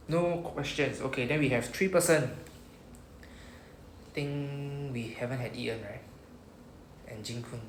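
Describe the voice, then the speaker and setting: A man with a Singaporean English accent teaching a language class, explaining patiently step by step and modelling words for students to repeat. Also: medium pitch. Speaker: Japanese teacher. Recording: echoey room with faint noise.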